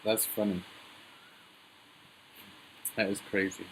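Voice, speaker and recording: A man's voice: lowish voice, flat delivery, slow, vocal fry, a bit bright, slight background noise, rough recording. A man hosting a casual live Q&A stream, joking and rambling as he laughs at his own jokes. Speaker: livestream host.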